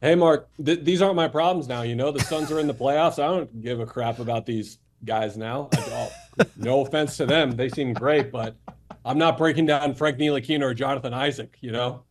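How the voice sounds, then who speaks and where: A young man, a sports reporter guest, talking fast and animated in a casual podcast chat, full of restarts. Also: mid-range voice.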